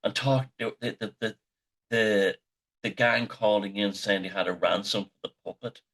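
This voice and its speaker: A man's voice: fairly low pitch, fairly even intonation, unhurried, a bit bright. A middle-aged man, the host, telling rambling, sweary anecdotes in a casual monologue.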